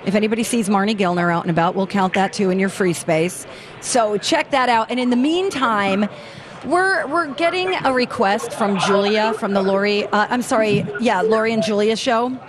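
A female morning radio co-host in casual banter, brisk and teasing, at a studio microphone. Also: mid-range voice.

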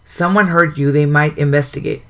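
A man reading out the lines of a calm, teasing male hero from a suspense novel, a little quieter and lower than his narration. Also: a little fast, lightly acted. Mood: dry teasing.

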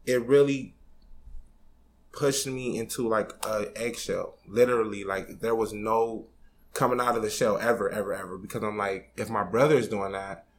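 A man's voice: fairly low pitch, steady tone, moderate pace, a little hiss or hum. A man in his twenties on a podcast, candidly telling a personal story in a casual, slangy way, swearing freely and getting emotional. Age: 20s.

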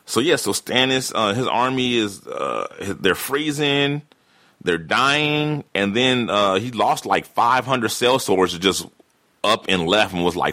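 Laid-back, low-voiced man recapping TV. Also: animated, slow, pushed and bright. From California. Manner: loose, profane, recaps scenes with playful impressions. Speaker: podcast co-host. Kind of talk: casual chat.

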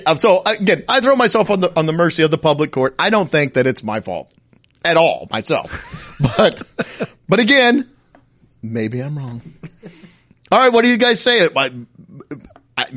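Animated laughing man telling a story. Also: on the high side, moderate pace, pauses often. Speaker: podcast co-host. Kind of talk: casual storytelling chat.

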